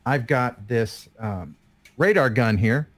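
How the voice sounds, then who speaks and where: This guest co-host is a man in his fifties whose mid-range voice sounds fairly bright and expressive as he talks slowly. In the casual live-stream banter he is self-deprecating and talkative, regularly letting sentences fade out as he laughs.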